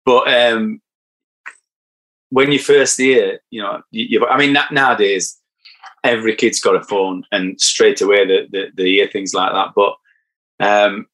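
A man's voice: on the low side, steady tone, unhurried, a bit bright, low-quality recording. A middle-aged man with a northern English accent, chatting on a podcast and telling anecdotes with chuckles. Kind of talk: casual podcast chat.

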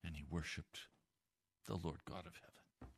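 A man preaching a sermon, moving from hushed, slow phrases to impassioned pleading. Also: very deep voice, fairly even intonation, gravelly, slightly rough.

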